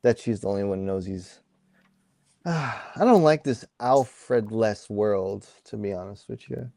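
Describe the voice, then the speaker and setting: A man's voice: on the low side, a little slow, gravelly, warm tone, no room sound, studio quality. A man co-hosting a casual comic book podcast, laid-back and jokey, with plenty of fillers and murmured agreement. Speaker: podcast co-host.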